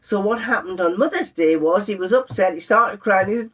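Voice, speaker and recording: An older woman, chatting to camera in a sewing vlog, telling an exasperated family story with lively quoted voices. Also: mid-range voice, fairly quick. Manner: chatty, exasperated, animated when quoting others. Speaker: sewing vlogger.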